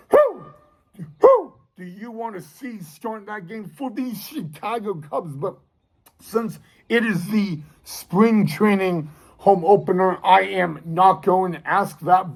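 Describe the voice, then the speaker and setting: A young man with a high voice speaks slowly and deliberately in a casual fan vlog. He addresses his viewers directly, keeps calling them "guys", and sounds eager and excitable as he talks. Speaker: fan vlogger. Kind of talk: casual direct-to-camera talk.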